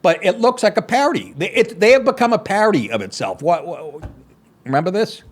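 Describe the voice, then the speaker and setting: A male comedian hosts his show with a profane, sarcastic, exasperated rant. His pitch leaps around in a lively way and sits a little high. He jumps from loud outbursts to muttered asides. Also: fairly quick, breathy edge. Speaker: comedian hosting a podcast. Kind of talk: ranting comedy commentary.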